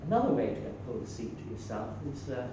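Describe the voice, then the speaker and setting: Rambling irish comedian in an echoey room. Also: male voice, medium pitch, sing-song, fast. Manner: rambling, self-mocking, many fillers. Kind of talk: stand-up comedy. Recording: echoey room, distant mic, faint hum.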